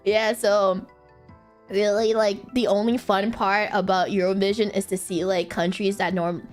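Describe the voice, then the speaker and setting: A woman streaming casual chat, animated and giggly, laughing often and swearing casually. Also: medium pitch, measured pace, soft background music.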